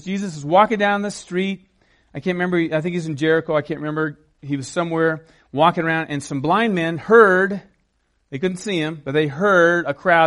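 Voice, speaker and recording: A man preaching a sermon in an animated way, acting out the scenes and shouting the quoted cries. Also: a little high. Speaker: pastor.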